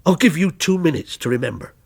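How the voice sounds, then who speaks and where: A man voicing a menacing policeman who taunts slowly and coldly, in a spoken story reading. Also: a little high, animated, vocal fry, slightly rough, heavily acted. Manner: slow, cold, taunting. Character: menacing male policeman, a vengeful character come alive.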